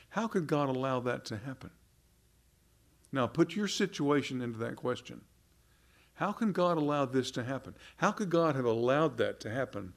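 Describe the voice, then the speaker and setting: Earnest male preacher asking questions. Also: medium pitch. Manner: earnest, asks rhetorical questions, repeats words. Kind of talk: sermon.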